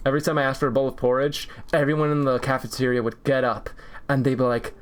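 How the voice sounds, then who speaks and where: While drawing on stream, a man in his twenties chats casually, rambling through jokey tangents and laughing a lot. His medium-pitched voice is clear and resonant, level in tone and fairly quick.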